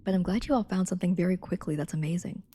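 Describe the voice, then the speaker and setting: A woman livestreaming, chatting casually with her viewers and reading a novel aloud, soft-spoken and slipping into whispers now and then. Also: on the low side, very fast, slight background noise. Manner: chatty with viewers, reads steadily.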